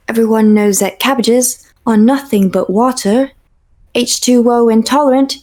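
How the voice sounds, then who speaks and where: A woman's voice: on the high side, moderate pace, a little mellow. A woman streaming a game, chatting playfully with viewers and improvising silly bits. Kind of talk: casual gaming stream chat.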